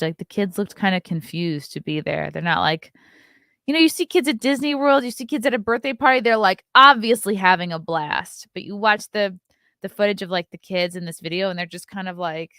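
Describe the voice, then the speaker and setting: A woman's voice: mid-range voice, fairly bright tone, dry recording, studio quality. A woman in her thirties hosting a casual morning talk stream, reading news and answering chat comments with blunt opinions. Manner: chatty and opinionated, reacts to chat, yawns often.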